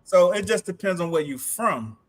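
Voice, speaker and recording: Brief: high-pitched man, lively laughing host banter. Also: normal speed. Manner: animated, laughing storyteller. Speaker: livestream co-host. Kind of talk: casual chat.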